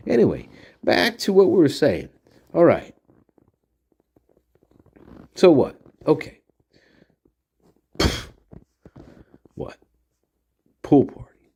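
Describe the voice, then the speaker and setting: A male host in a sarcastic, rambling solo commentary, full of swearing. He talks at an unhurried pace, and his pitch swings widely from phrase to phrase. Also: wildly swooping pitch, creaky, darkish tone, slightly rough. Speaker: podcast host.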